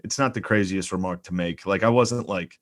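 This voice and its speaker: A man's voice: low voice, a little fast. A man, a comedian guest on a podcast, telling a story in a laid-back, joking way. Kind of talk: casual comedy podcast banter.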